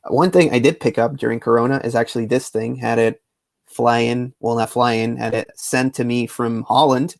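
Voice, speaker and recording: Gravelly guy hosting a stream, chill, dry close mic. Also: medium pitch, no echo. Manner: relaxed, halting with fillers and repeats. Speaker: livestream host. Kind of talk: casual chat.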